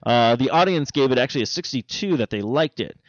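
A man co-hosting a casual film review chat, rambling and excitable, acting out lines as he retells scenes. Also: medium pitch, quick pace, no room sound. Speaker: podcast co-host reviewing a film. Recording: dull lo-fi dry sound.

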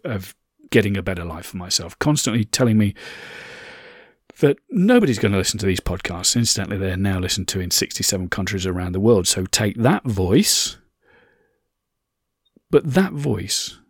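A man's voice: fairly low pitch, vocal fry, a little mellow, husky, no room sound, clean studio sound. A middle-aged man hosts a podcast. He talks earnestly and conversationally and repeats phrases for emphasis. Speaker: podcast host. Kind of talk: reflective motivational monologue.

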